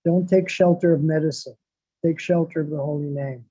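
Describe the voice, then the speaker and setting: A man's voice: on the high side, fairly even intonation, normal speed, mellow, no echo. A man giving a devotional sermon, repeating phrases for emphasis and reciting Sanskrit verses. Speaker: devotional speaker. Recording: dull lo-fi, dry sound.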